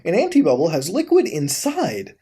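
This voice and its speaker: A young man hosting a video, giving casual commentary as he browses websites, swearing, laughing and reacting in disbelief, swinging between mumbles and sudden loud outbursts. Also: fairly high pitch, huge pitch swings, moderate pace, husky. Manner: profane, incredulous, laughs often. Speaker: YouTube host.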